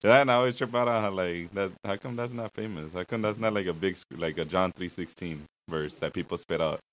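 A man's voice: low-pitched, a little fast, fairly bright tone, low-quality recording. A man in casual chat, musing in a slangy storytelling way.

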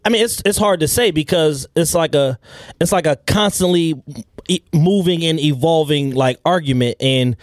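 A man's voice: a little high, moderate pace, no room sound. A man with a slightly raised voice talks bluntly and swears freely in a loose podcast conversation. The recording is close and dry, with no room sound. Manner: blunt, profane, laughs along. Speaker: podcast co-host. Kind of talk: casual chat.

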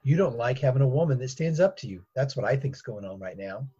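A man's voice: medium pitch, animated, fast, dark tone, breathy edge. A man voicing an exasperated wife who defends her mother, pleading and defensive, in an improv comedy podcast. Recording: dull, muffled sound.

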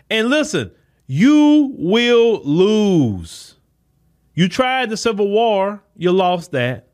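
Male podcast host, higher-pitched voice, preachy solo commentary. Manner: preachy, emphatic, rhetorical questions to listeners.

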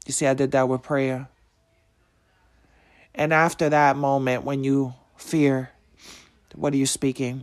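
Man giving slow, emphatic motivational talk. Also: medium pitch. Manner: preachy, repetitive rhetorical questions. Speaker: motivational speaker. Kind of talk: motivational monologue.

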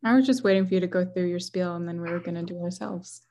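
A woman co-hosts a casual podcast in a soft, quiet, low-key way. Her speaking voice sits fairly low. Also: quick pace. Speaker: podcast co-host.

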